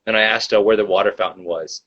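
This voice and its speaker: A man's voice: lowish voice, fairly even intonation, fast, fairly bright tone. Rambling young man on a lo-fi stream. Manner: rambling storytelling, many fillers. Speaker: livestream host reading chat. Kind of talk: casual livestream chat.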